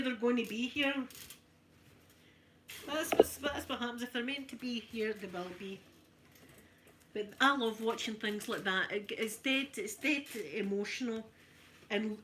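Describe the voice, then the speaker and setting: A Scottish woman chatting casually to her live viewers while ironing, in a soft, emotional, friendly way. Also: mid-range voice, slight background noise. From Scotland. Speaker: ASMR streamer.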